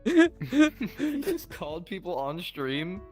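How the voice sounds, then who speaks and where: A man's voice: high voice, wildly swooping pitch, slow pace, darkish tone, soft background music. A man co-hosting a podcast in casual chat, playful and chiming in with jokes. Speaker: podcast co-host.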